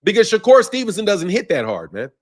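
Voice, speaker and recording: Reading his chat out loud on a boxing live stream, this host talks quickly in a high voice. He rambles with animation, cursing freely and breaking into frequent laughter.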